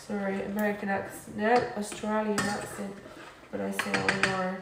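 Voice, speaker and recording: A young English woman, drunk and streaming late at night, chats and rambles in circles in her student flat kitchen. She talks at normal speed in a gravelly mid-range voice, far from the mic over a noisy background. Sound bounces around the room, and her voice sometimes falls off-mic.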